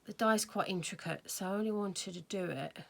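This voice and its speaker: A woman's voice: mid-range voice, a little fast, vocal fry. A woman hosting a casual crafting tutorial, chatting and thinking aloud as she works. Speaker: craft video host.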